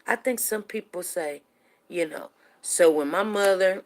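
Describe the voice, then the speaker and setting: Low-voiced woman telling a story. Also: measured pace. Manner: animated, repeats words, asks listeners "you know what I'm saying". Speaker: show host telling a personal story. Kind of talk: casual storytelling to viewers.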